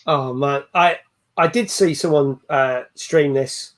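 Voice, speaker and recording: A man's voice: fairly high pitch, takes it slowly, fairly bright tone. A man hosting a casual gaming chat, upbeat and chatty as he moves the talk along. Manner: upbeat, chatty, hands the floor to guests. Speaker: host.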